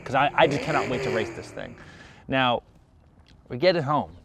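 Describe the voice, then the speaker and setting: A man telling a personal car story in an animated vlog, acting out every side of the exchanges and mocking himself. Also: normal speed, a loud crowd. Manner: self-mocking, jumps in pitch when excited.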